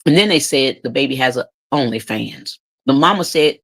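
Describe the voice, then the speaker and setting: A woman's voice: deep voice, big pitch swings, fairly quick, vocal fry, hardly any pauses, husky. A woman giving emotional, opinionated commentary on her channel, sarcastic and emphatic, repeating her points. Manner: emotional, says she cries easily. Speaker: commentary vlogger.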